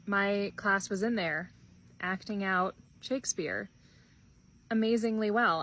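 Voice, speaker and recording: A woman's voice: mid-range voice, sharp tone. A woman in her thirties, a comedian and teacher, telling funny anecdotes in a chatty, confiding way. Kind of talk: comedic storytelling.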